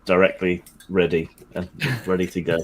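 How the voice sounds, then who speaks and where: Deep-voiced blunt man. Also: completely flat delivery, moderate pace. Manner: blunt, dismissive, laughs often. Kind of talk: casual chat.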